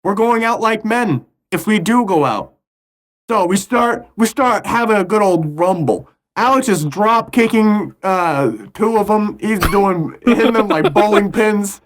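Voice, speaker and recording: A man's voice: sits high, unhurried. A young man co-hosting a podcast, telling a made-up story in a rambling way and laughing through it. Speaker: podcast co-host. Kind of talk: casual comedic storytelling.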